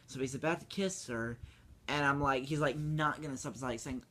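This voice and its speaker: A man talking through a movie in a casual, meandering way, piling up fillers and restarts as he goes. His pitch sits in a middle range. He now and then slips into squeaky put-on voices to imitate the characters. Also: moderate pace, bright, forceful tone, soft background music. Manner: rambling, full of fillers and restarts; breaks into squeaky high voices to mimic characters. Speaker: movie reviewer.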